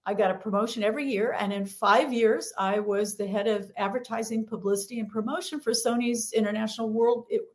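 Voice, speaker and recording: A woman's voice: a little high, steady tone, fairly quick, hardly any pauses. A middle-aged American woman, a leadership coach, telling her career story in a chatty, self-deprecating way as an interview guest. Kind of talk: conversational interview.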